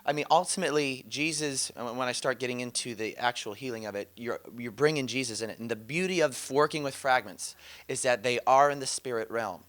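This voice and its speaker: A man with a bright, forward voice teaches about inner healing in a relaxed, conversational way. He tells animated stories, quotes other people, and laughs often as he goes. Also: mid-range voice, brisk.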